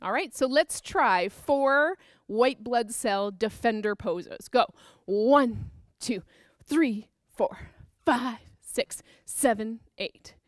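A woman's voice: fairly high pitch, slow, hardly any pauses, no room sound, clean studio sound. A woman teaching a creative movement dance class for children, upbeat and encouraging as she counts out the moves. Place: dance studio with a piano.

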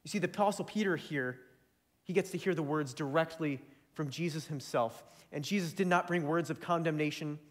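A man's voice: a little high, brisk. Earnest young man preaching a sermon. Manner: earnest, rising to fervent emphasis.

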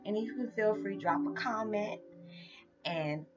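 A woman in her forties, gently and earnestly talking through a casual spiritual vlog and often saying "it's just like.". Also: mid-range voice, measured pace. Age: 40s. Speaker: vlogger. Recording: dull lo-fi sound with music behind. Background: meditation music.

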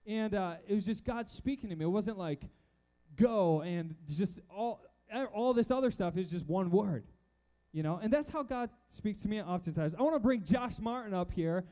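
High-voiced young preacher, mellow tone. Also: male voice, normal speed. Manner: animated storytelling with quoted voices. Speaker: youth pastor. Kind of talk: sermon. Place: church stage before a crowd.

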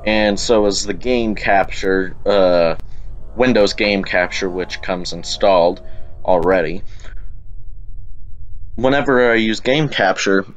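Chatty low-voiced Southern young man. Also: slow pace, pauses often, muffled recording, faint music behind. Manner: rambling, chatty, self-interrupting. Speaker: gameplay YouTuber. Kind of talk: casual let's-play commentary. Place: at home. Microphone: computer camera mic.

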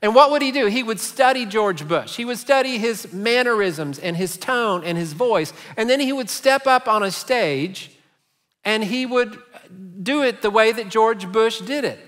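A man's voice: high-pitched, animated, measured pace, a bit bright, in a large hall. A man preaching a sermon as pastor, telling stories and asking rhetorical questions in a conversational way. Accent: Texan. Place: large church sanctuary.

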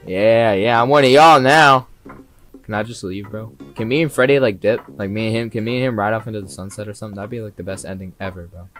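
A young man doing live commentary on a horror game, excitable and swearing freely, talking straight to the characters and breaking into sudden yells. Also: on the low side, quick pace. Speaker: streamer. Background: faint game music.

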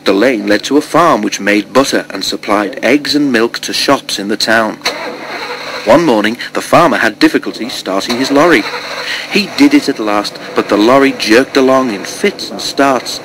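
Male narrator, children's storybook reading, gentle, even, mid pitch, faint hiss. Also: normal speed.

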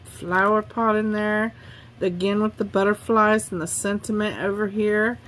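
A woman's voice: mid-range voice, steady tone, a little slow, a bit bright, a little hiss or hum. A woman hosting a craft channel, chatting casually and gushing over handmade cards she was sent. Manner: gushing, effusive. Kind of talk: casual unboxing chat.

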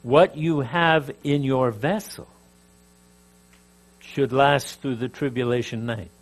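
Slow, emphatic Canadian-born preacher. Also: male voice, medium pitch, fairly even intonation. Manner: emphatic, rises and drops in volume, jokes with audience. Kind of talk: teaching sermon.

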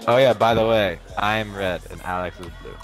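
A man's voice: fairly low pitch, normal speed, music in the background. A young man in casual gaming chat, joking and teasing his friends. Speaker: gamer.

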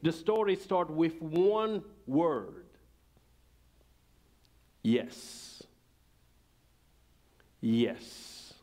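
Slow, fervent man preaching. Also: sits high. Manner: fervent, preaching cadence with grammar slips. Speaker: guest speaker. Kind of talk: church testimony. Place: church sanctuary.

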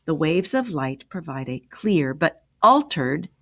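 A woman reading a story aloud and voicing a patient grandfather who calmly explains things to his grandchildren. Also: low voice, unhurried, dry recording, studio quality, full character voice. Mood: explaining. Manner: calm, steady explaining.

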